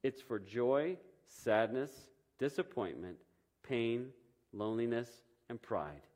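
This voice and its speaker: A man's voice: medium pitch, expressive, slow, a little mellow. The patient Creator, proud of his newest work, explains his plans with earnest fondness, as a man reads him aloud. His voice lifts a little above a plain reading tone, with only a slight change from the reader's own voice. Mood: tender. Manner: earnest, explaining with fond pride. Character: patient, proud male Creator building mothers.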